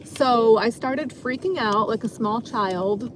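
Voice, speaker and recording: Taking her time, a slightly high-voiced woman rambles through a vlog from her parked car. The vlogger and dancer teases herself and bursts into laughter often while a faint hum of noise sits underneath.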